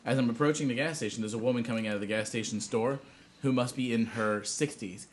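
A man hosting a casual podcast chat, telling stories with lively asides. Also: medium pitch, quick pace, slight background noise. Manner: animated storyteller, mimics voices in anecdotes. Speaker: podcast host.

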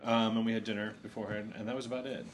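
A man's voice: on the low side, flat delivery, rapid-fire, slight background noise, poor audio. A man in a casual podcast chat, recalling things hesitantly and rambling.

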